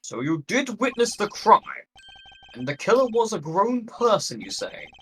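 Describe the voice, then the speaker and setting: A man's voice: high voice, very animated, moderate pace, a bit bright, breathy edge, pitched above the performer's own voice, exaggerated voice. A man voicing a fussy, pompous older courtroom judge. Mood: stern.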